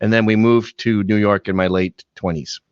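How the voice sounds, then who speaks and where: A man's voice: lowish voice, normal speed, smooth, dry recording. A middle-aged man with a mild Canadian accent, telling anecdotes as a podcast guest. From born in England, raised in Canada. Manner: animated storyteller who shouts out quoted lines. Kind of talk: casual storytelling. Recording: dry, slightly dull podcast mic.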